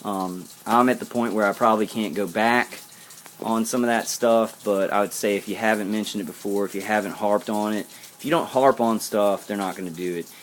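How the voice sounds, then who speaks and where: A man's voice: fairly low pitch, brisk, slight background noise. A man talking casually to his viewers, rambling and earnest, often breaking off and restarting his sentences. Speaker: vlogger.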